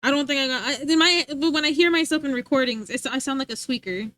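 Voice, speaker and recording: A woman's voice: high-pitched, quick pace, sharp tone, dry recording. A young woman streaming live, chatting casually with her viewers, giggling and rambling as she reads the chat.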